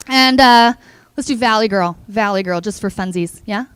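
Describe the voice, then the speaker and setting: A woman giving an energetic, playful motivational speech at a conference, engaging the audience. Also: mid-range voice, normal speed, smooth, no room sound. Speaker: keynote speaker. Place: conference hall.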